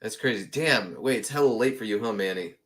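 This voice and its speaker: A man's voice: fairly low pitch, brisk, fairly bright tone. A man co-hosting a live stream, laid-back banter with lots of swearing. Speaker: podcast co-host. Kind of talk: casual live-stream chat.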